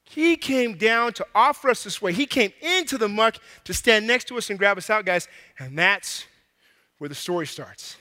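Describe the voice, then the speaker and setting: A man preaching a casual, animated sermon to a young crowd, out of breath, acting out bits of dialogue in slang. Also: sits high, normal speed, big-room sound.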